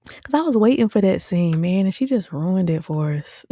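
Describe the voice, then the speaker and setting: A woman's voice: mid-range voice, moderate pace, dry recording, studio quality. A woman hosting a show review, chatting casually and animatedly to her viewers. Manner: chatty, addresses viewers directly as "y'all"; animated, with frequent "um" and "okay?". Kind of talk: casual commentary.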